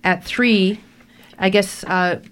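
A woman's voice: mid-range voice, fairly even intonation, takes it slowly, slight background noise. A woman hosting a community radio talk show, interviewing guests with a hesitant, filler-heavy manner.

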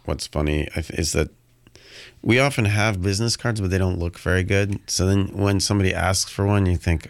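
Low gravelly man, wry and relaxed. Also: a little fast, dry recording. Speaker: radio guest, prankster activist. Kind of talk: casual radio interview.

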